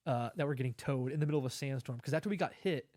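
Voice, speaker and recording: An Army veteran on a podcast speaks very fast in a medium-pitched, slightly mellow voice, telling a lengthy personal story in a casual interview. Rambling, full of fillers and restarts, he acts out the quoted dialogue. The recording is dry and clean, studio sound.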